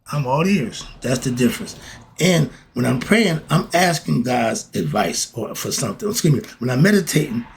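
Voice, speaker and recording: A man's voice: mid-range voice, a little hiss or hum. A middle-aged man in a casual spiritual monologue who talks straight to the listener and keeps asking and answering his own questions. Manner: preachy, repeats "why?" and "okay?", talks to listener directly. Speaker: podcast host.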